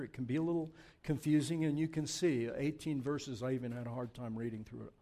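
A male pastor preaching a sermon in a conversational, animated, emphatic way in a church. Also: mid-range voice.

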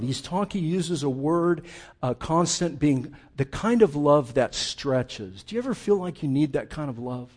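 Animated storytelling male preacher. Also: on the high side. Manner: animated, humorous storytelling, dramatic slowdowns. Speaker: pastor. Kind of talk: sermon.

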